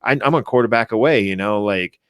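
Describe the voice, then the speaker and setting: A man's voice: fairly low pitch, brisk, smooth, no echo, clean studio sound. A man co-hosting a fantasy football podcast, talking casually with many restarts and self-corrections. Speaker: podcast co-host.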